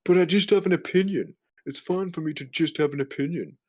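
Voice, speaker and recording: Brief: whiny grown man, high mocking whine, thin odd tone, as a commentator puts him on. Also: a little fast, darkish tone, lightly acted. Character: whiny grown man defending his opinion.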